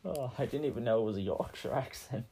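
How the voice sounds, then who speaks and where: A man of middle pitch co-hosting a casual podcast, recapping a film scene by scene. He rambles and jokes, filling his talk with "um"s and restarts. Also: fast talker, gravelly, dark tone, a little hiss or hum. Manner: joking, rambling, full of fillers. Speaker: podcast co-host.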